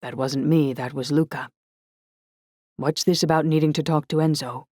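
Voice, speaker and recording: A woman's voice: sits low, fairly even intonation, normal speed, mellow, no echo, clean studio sound. A woman voicing a burly male guard who talks in a wry, teasing way, in an audiobook.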